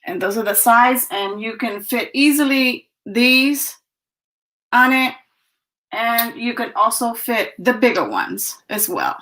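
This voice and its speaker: A woman's voice: on the high side, very animated, slow pace, fairly bright tone. A woman on a video call, showing her handmade clay pieces in a chatty, breathless way with little laughs. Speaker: guest artisan. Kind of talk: casual show-and-tell.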